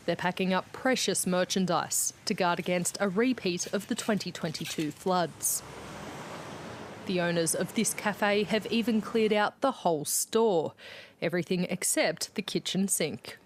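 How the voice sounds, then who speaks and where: An Australian woman reporter narrating a news package in a steady voice-over. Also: on the low side, a little slow, noisy background.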